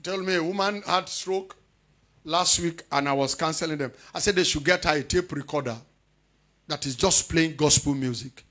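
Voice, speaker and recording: A middle-aged man, preaching a charismatic sermon loudly and often shouting. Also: a little high, moderate pace. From Nigeria. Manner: loud preaching with frequent shouting. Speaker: pastor.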